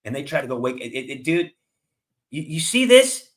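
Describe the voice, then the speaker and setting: A man's voice: on the high side, big pitch swings, normal speed. A man recording a reaction commentary video, ranting heatedly and angrily at the clips he plays. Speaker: political commentator.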